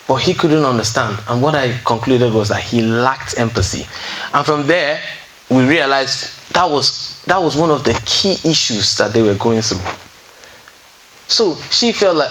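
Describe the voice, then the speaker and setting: A man's voice: medium pitch, lively intonation, measured pace, a bit bright, slight background noise, low-quality recording. A man giving a relationship talk to a seated audience in a room. He keeps it conversational, checks in with his listeners often and tells stories from counseling sessions. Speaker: relationship speaker at a singles fellowship. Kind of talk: teaching talk to a live audience.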